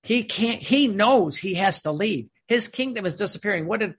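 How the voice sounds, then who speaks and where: A man preaching a sermon in an earnest, repetitive way, slowing down when he quotes. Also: high-pitched, lively intonation, a bit bright, husky.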